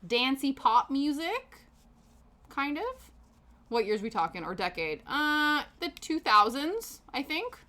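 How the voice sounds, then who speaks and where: Casting: woman host on a live stream, bright, crisp tone, loose rambling chat with viewers. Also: high voice, very animated, slow. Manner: chatty and rambling, answering chat with frequent laughs. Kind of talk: casual chat while knitting on stream.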